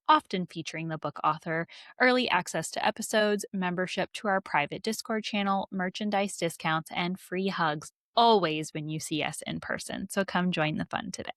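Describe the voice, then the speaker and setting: A woman's voice: fairly low pitch, fairly bright tone, no echo. Playful woman podcast co-host, dry sound. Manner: playful, joking. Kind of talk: casual podcast chat.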